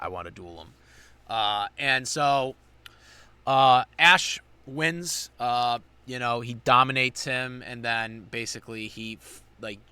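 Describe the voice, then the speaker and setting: A man's voice: mid-range voice, pushed and bright, clean tone. A man giving a casual spoken recap of an anime episode, rambling with many fillers and restarts. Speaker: anime reviewer.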